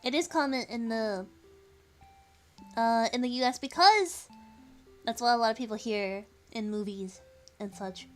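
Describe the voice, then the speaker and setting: Cali girl streaming, high voice, giggles a lot, says like constantly, soft music in the back. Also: a little slow, long pauses. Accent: Californian American. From California. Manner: giggly, chatty, says "like" often. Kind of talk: casual live-stream chat, reading chat aloud.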